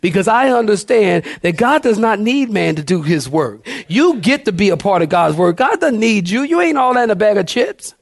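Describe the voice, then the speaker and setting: A middle-aged man, a pastor, telling a story in a sermon, animated and acting out the dialogue. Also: sits high, moderate pace, vocal fry, hardly any pauses, no room sound, studio quality. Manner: animated, acts out dialogue in a raised voice.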